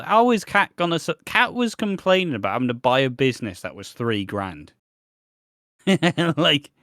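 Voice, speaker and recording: Male podcast co-host, rambling and sweary, mid-pitched voice, dry close-mic sound. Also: sharp tone, no room sound. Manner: rambling, restarts, swears, laughs at his own points. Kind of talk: casual chat recapping a soap episode.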